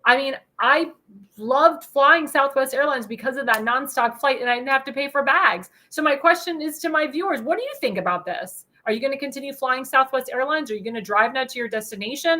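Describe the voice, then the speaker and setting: A woman's voice: high voice, a little fast, bright, forceful tone. A young woman hosting a talk show, ranting indignantly in an opinion monologue and speaking straight to her viewers. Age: young adult.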